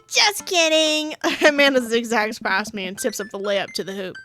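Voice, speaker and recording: A woman's voice: mid-range voice, fairly quick, a bit bright, faint music behind. A woman playing a visual novel, narrating it aloud and breaking off for wry, laughing asides. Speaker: game streamer.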